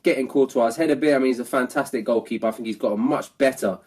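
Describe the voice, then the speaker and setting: This is a man in the middle of a post-match fan vlog rant, his voice nasal and congested from illness. He circles back to the same points, and the frustration never quite leaves his voice. His pitch stays average for a man. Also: fast talker, a little mellow, husky. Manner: frustrated, repetitive. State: ill, nasal voice. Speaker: football fan vlogger.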